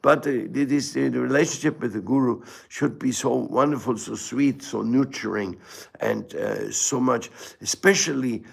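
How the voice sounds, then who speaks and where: Older man with a gravelly, husky voice. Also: mid-range voice. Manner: storytelling, halting restarts, rhetorical asides. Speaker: guru giving a spiritual talk. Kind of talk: informal spiritual lecture.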